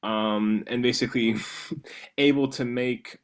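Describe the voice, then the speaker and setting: A man in a casual book discussion, rambling through plot points with frequent fillers and false starts. His voice sits at a middle pitch, relaxed and conversational. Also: takes it slowly, clear, resonant tone. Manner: rambling, many fillers and restarts. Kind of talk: casual chat.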